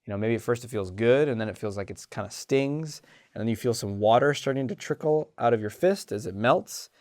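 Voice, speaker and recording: A man hosting a self-help show about confidence, talking in an animated way and acting out inner voices. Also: medium pitch, brisk. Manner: animated, acts out inner voices, frequent restarts. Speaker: host and confidence coach. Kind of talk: motivational self-help talk.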